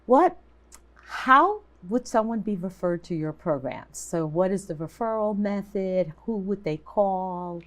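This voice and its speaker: A woman's voice: medium pitch, animated, measured pace. An older woman hosting a talk show interview, asking questions and affirming her guests. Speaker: host.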